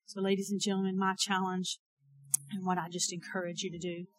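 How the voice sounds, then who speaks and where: A woman preaching a sermon and telling a personal story, earnest and swinging between emphatic and hushed delivery. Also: lowish voice, flat delivery, fairly quick, a little hiss or hum, low-quality recording.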